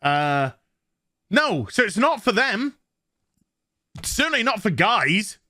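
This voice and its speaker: A man's voice: high-pitched, sing-song, slow, sharp tone, dry recording. A man delivering an angry, sarcastic, sweary review rant to his channel. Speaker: YouTube reviewer. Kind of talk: ranting review vlog.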